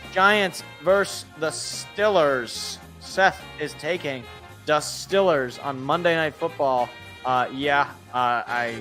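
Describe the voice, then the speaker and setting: A man's voice: mid-range voice, sharp tone. A man hosting a sports talk show, opinionated and rattling off game picks, his voice worn after a long show. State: tired, voice worn. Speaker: sports podcast host.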